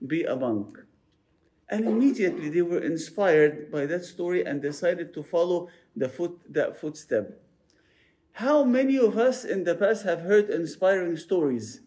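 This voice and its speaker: A male priest giving a sermon, his voice slightly high but mellow and warm. He tells saints' stories with animated asides and frequent restarts, leaning into the congregation. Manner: storytelling, animated, repeats words.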